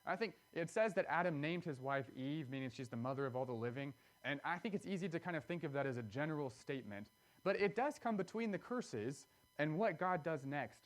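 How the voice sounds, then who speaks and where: An earnest man delivering a sermon in a voice that sits a little high for a man. He explains patiently and leans hard on key words with sudden lifts. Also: expressive, brisk. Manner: earnest, explanatory, with emphatic rises. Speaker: preacher.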